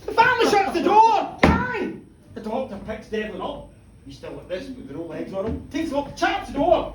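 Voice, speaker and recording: Lively woman storyteller, high, very expressive, far mic, echoey pub, audience heard. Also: normal speed, over music. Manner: animated, playful, acting out the tale. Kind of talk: live comic storytelling. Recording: roomy, distant live pub recording.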